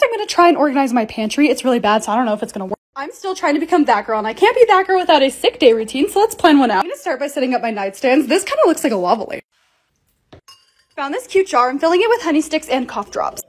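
A young woman vlogger narrating her home organizing projects in a chatty, excitable voice-over with quick asides. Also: high voice. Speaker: lifestyle vlogger.

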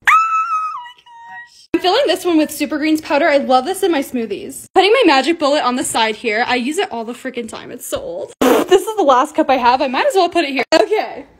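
A young woman narrating her own lifestyle vlog in a bubbly, excitable voice-over. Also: high voice, fast, noisy background. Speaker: beauty and lifestyle creator.

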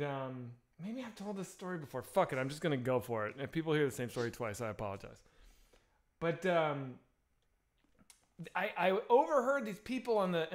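A man from the Washington, D.C. area co-hosting a casual stream, laughing a lot and reacting quickly. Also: a little high. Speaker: podcast co-host. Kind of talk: casual chat.

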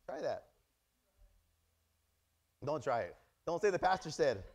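A male pastor preaching a sermon, acting out little dialogues and swinging between loud exclamations and quiet asides. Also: on the high side, measured pace, breathy edge. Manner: animated, acts out dialogues in many voices. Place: church.

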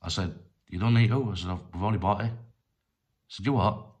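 A middle-aged man telling a personal story in a rambling, halting way, full of restarts and fillers. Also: fairly low pitch. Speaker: storyteller vlogger.

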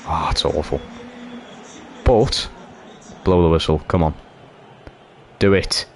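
A man giving live commentary over a football game he is playing, excitable and quick to cheer or groan. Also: a bass voice, vocal fry, a little hiss or hum. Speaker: gaming YouTuber.

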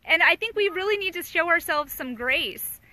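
A woman's voice: extremely high pitch, expressive, normal speed, pushed and bright, dry recording. A woman in her thirties, a mother hosting a casual live chat, talking candidly to viewers and answering their comments.

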